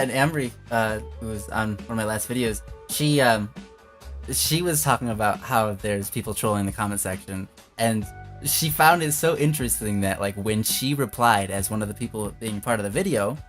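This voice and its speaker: Young dude, mid-range voice, upbeat earnest advice chat, laughs a lot, faint music behind. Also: male voice, mid-range voice, lively intonation, moderate pace. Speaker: host.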